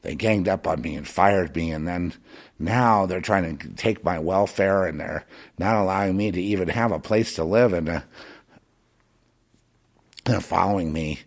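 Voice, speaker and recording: A man delivering a rambling monologue straight to the listener, with many restarts, swinging between muttering and loud ranting. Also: sits low, moderate pace. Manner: many restarts and repeated words.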